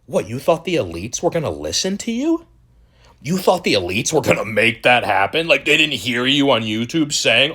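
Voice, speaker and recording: A man's voice: mid-range voice, big pitch swings, moderate pace, pushed and bright, slightly rough. A young man hosting a crypto channel, ranting in a profane, exasperated and mocking way. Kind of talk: ranting video commentary.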